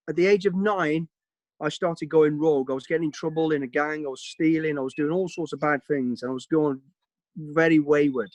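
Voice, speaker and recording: Guest speaker, man, Birmingham accent, lively and direct, dry video-call sound. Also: a little high, dry recording. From Birmingham, England. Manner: energetic, quick, plain-spoken. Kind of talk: informal talk on a video call.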